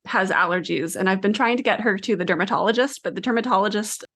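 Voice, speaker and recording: A woman's voice: medium pitch, fast, fairly bright tone, husky. Chatty woman podcast co-host. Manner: chatty, laughs often. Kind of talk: casual chat.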